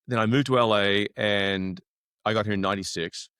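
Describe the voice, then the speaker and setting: Australian man, 50s, low voice, lively raconteur who plays out every quote. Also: normal speed, clear, resonant tone, dry recording, clean studio sound. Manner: animated, acts out quoted dialogue. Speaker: actor guest. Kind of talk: casual storytelling.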